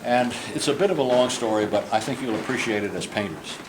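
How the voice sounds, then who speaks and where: A man's voice: mid-range voice, expressive, fast, noisy background. An older man, a portrait painter, telling a long, humorous and digressive anecdote to a group while giving a tour. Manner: humorous, digressive, acts out quoted voices. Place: club interior, in a room with a group.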